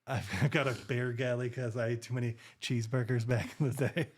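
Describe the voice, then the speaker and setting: A man co-hosting a podcast, talking in a relaxed, joking way at a mid-range pitch. He laughs often through the conversation. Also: fairly quick. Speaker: podcast co-host. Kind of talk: casual chat.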